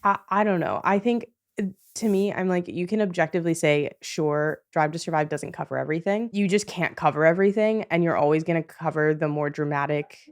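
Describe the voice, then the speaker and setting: A woman hosting a podcast in casual chat, bubbly and laughing often with quick asides. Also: sits low. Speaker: podcast host.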